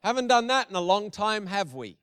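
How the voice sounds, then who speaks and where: A man's voice: high-pitched, very animated, a little fast, a bit bright, clear, resonant tone, no echo, studio quality. A middle-aged male pastor giving a conversational sermon with emphatic repetition.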